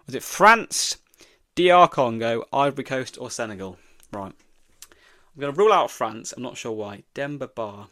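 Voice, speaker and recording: A man's voice: mid-range voice, normal speed, fairly bright tone, no room sound, studio quality. Young man thinking aloud on a quiz. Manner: thinks aloud, reading questions and guessing. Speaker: podcast host. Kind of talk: solo football quiz podcast.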